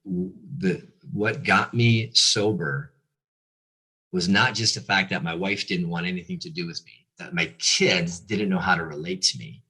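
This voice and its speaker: A man who is a pastor gives an earnest, confessional personal testimony as a guest, halting now and then with fillers. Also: deep voice, animated, bright, forceful tone, husky.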